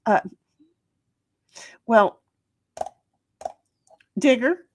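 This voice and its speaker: A woman's voice: fairly high pitch, extremely slow, slight background noise. A woman hosting a casual livestream, chatting with her viewers in a rambling, profane way full of restarts. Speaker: livestream host reading chat.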